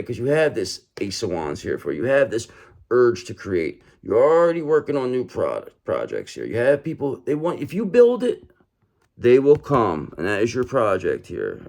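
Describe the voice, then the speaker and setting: A man's voice: lowish voice, very animated, normal speed, gravelly, a little mellow. A man giving a tarot reading straight to his viewers, talking emphatically, repeating himself for effect and checking in with "okay?" and "brother". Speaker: tarot reader.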